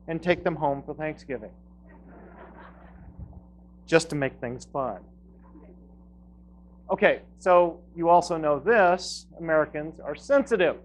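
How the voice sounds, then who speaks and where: A philosophy professor giving a talk to a live audience, with dry, wry humor and lively emphasis in his lists. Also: on the high side, a little hiss or hum, low-quality recording. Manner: dry wry humor, laughs at own jokes.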